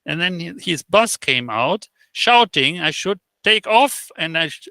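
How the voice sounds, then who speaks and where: Gravelly, bright-voiced man telling stories. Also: high-pitched, dry recording. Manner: halting, with many fillers and restarts; animated storyteller who acts out quoted exchanges. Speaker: interview guest. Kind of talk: casual interview chat.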